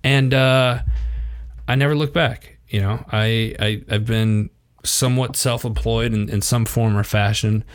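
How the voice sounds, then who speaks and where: Guest, male, 30s, low voice, animated storyteller who mimics others in a raised voice. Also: a little slow. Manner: animated, acts out quotes in a raised voice. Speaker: podcast guest. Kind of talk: casual storytelling interview.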